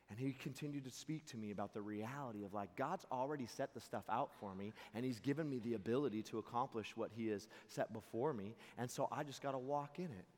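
A young man speaking as a camp preacher, telling stories with lively quoted voices and frequent laughter. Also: medium pitch, a little fast. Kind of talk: youth camp sermon. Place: large hall before a live audience. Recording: hall reverb.

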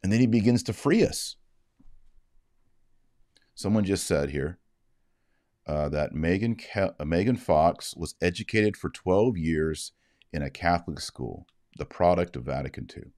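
A man's voice: sits low, expressive, measured pace, pauses often, a little mellow, no echo, clean studio sound. A man giving earnest, moralizing commentary on a livestream, reading out viewer comments as he talks. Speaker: Catholic commentator.

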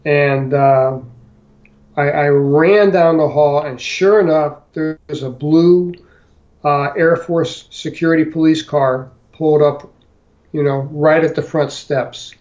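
Older man from Missouri, slow, halting, many fillers, slightly higher pitch. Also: fairly even intonation, a little mellow, lo-fi sound. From St. Louis, Missouri. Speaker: interview guest. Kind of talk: storytelling interview.

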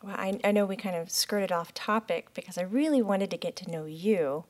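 A woman hosting an interview, soft-spoken and quick to react to her guest. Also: medium pitch. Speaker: host.

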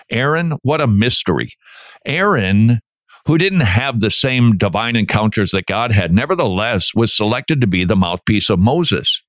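Male radio host, preachy, very lively pitch, dry close sound. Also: dry recording. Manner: animated, preachy, acts out quotes with voices.

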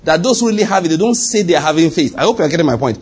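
A middle-aged male pastor delivers a sermon in a slightly husky, fairly high voice. He keeps asking whether the congregation is following him. When he leans into a point, he rises sharply in pitch. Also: lively intonation, racing. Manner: rhetorical questions to the congregation, rising pitch when emphatic.

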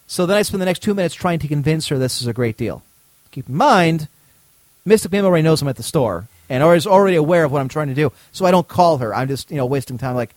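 Animated storytelling man, higher voice. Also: quick pace, no echo. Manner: animated, acts out both sides of dialogue, swears freely. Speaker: podcast co-host. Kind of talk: casual storytelling chat.

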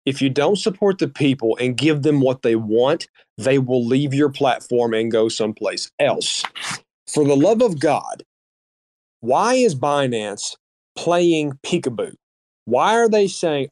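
A man's voice: mid-range voice, animated, normal speed, a little mellow. A man in an online audio chat, speaking in an emphatic, fired-up rant that repeats its points. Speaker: guest speaker. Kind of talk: heated casual rant.

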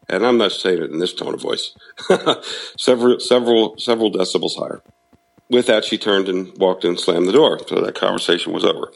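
A man's voice: low-pitched, fairly quick, creaky, low-quality recording. A middle-aged man candidly telling a personal recovery story, frank and self-deprecating, laughing at himself now and then. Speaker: guest sharing recovery story.

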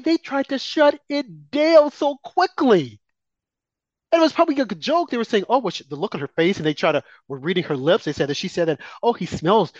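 A man with a fairly high voice co-hosts a political talk show, firing off indignant rhetorical questions and mocking asides. The sound is dull and lo-fi, and the room is dry and close. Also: no room sound. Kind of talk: political talk radio commentary.

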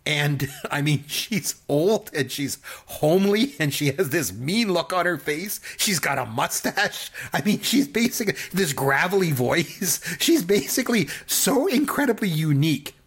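Husky-voiced, animated man. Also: a little high, unhurried, few pauses. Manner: enthusiastic, laughs often, many fillers. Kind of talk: casual film discussion.

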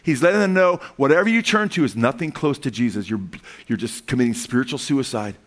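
A man preaching a sermon who reads scripture aloud, asks the congregation "amen?" and "what?" in call-and-response, and breaks into animated asides. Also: mid-range voice, brisk. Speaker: pastor.

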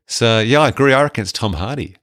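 A podcast co-host chats about films in a casual, animated and jokey way. His mid-range voice comes quickly, recorded with clean studio sound and no echo.

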